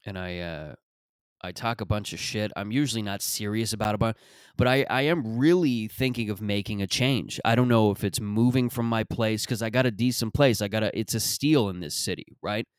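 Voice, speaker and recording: A man's voice: fairly low pitch, moderate pace, clean tone, dry recording, clean studio sound. A man from Mississauga, Canada, hosting a podcast and rambling through a sarcastic, profane comic monologue full of restarts. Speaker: podcast host.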